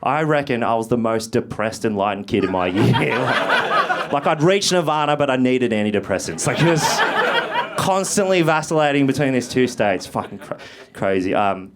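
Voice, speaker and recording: A man, performing a stand-up comedy routine with profane, animated storytelling and shouted punchlines. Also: medium pitch, normal speed, heavy background noise. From Australia. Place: theatre stage with a live audience.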